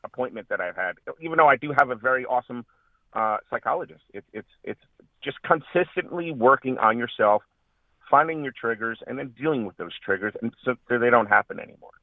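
A man, a veteran and radio guest, talking earnestly about his service, halting and restarting often. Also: medium pitch, expressive, no room sound, phone-quality sound. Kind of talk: radio interview.

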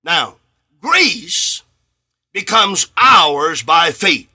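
Male radio preacher, high, lively voice, slow and emphatic, booms then drops to a hush. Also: breathy edge. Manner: emphatic preaching with sudden swells and hushed drops; acts out bits of dialogue in his sermon. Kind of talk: radio sermon.

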